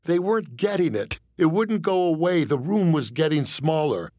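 A male comedian narrating his own memoir as a comic audiobook, deadpan and self-deprecating, on a close studio mic. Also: fairly high pitch, moderate pace, hardly any pauses, no echo.

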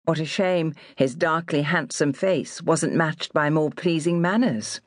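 A woman reading an audiobook aloud in an expressive storytelling style. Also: low voice, a little slow, no room sound, clean studio sound. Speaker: audiobook narrator. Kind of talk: scripted narration.

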